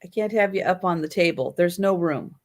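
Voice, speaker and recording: A woman's voice: lowish voice, expressive. A woman hosting a live online sale, calling out bids and patiently explaining each item. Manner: slow, patient, explaining items. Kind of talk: live-stream auction chat.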